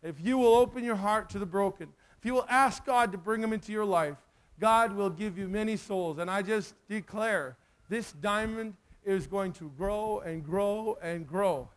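Male preacher, high voice, emotional storyteller in a sermon. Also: moderate pace. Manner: emotional, animated storyteller who acts out the dialogue.

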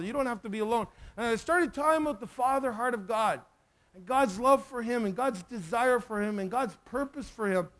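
Guy preaching, high voice, gets emotional acting out his story. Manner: emotional, animated storyteller who acts out the dialogue. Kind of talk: sermon storytelling.

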